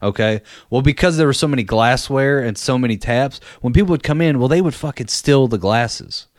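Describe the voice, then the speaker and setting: A man's voice: medium pitch, fairly quick, no room sound, clean studio sound. A young man telling a story about an old job, blunt and swearing, in casual podcast chat. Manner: blunt, profane, conversational.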